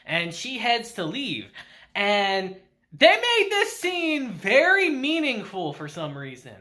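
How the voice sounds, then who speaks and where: Lively, bright-voiced male anime reviewer. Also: sits high, slow pace. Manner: animated, laughs often, acts out character lines. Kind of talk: casual episode recap.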